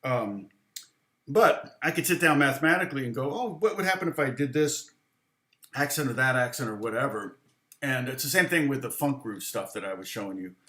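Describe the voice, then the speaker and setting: A man's voice: mid-range voice, animated, fairly quick, sharp tone. A male guitar teacher talks through a live lesson in a mid-range voice, wandering off on tangents as he thinks aloud. He counts beats and scats rhythms as he explains them, and his voice carries a roomy echo. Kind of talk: live-stream guitar lesson, answering chat.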